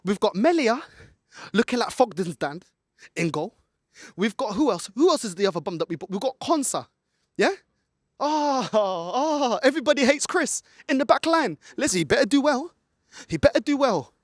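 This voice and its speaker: The man speaks at a moderate pace in an extremely high, very animated voice, studio quality with no room sound. A friend holds the camera while he rants angrily outdoors in a car park for a football fan vlog, slipping into Portuguese from time to time.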